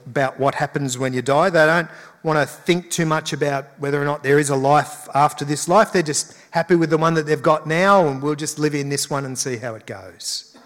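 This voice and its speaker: A man's voice: fairly high pitch, a bit bright. A male pastor giving a conversational sermon with emphatic rises. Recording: long hall reverb.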